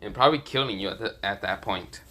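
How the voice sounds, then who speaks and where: A man voicing a cool, aloof adult male ninja rival who speaks in a dry, deadpan way. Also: on the low side, quick pace, voice pushed down.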